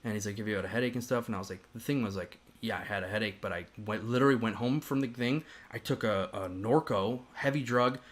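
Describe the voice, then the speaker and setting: A man on a podcast telling a story in casual chat, animated and profane, rambling with restarts. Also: lowish voice, fast, few pauses. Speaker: podcast host.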